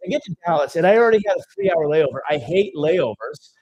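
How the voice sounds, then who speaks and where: A man's voice: a little high, lively intonation, quick pace, darkish tone, muffled recording, pitched above the performer's own voice. A man acting out a frustrated young woman student who is complaining about her trip, in a raised, complaining voice. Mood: exasperated.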